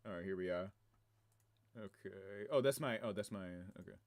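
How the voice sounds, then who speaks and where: A man chatting casually on his game livestream from a room at home, excitable and rambling, often breaking into laughter. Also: a little high, moderate pace. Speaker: game streamer.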